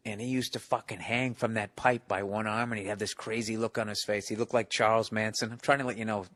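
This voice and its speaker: Profane, animated comedian telling stories. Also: male voice, fairly low pitch, quick pace, dry recording. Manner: profane, animated storyteller who acts out quotes. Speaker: stand-up comedian guest. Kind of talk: casual storytelling on a talk show.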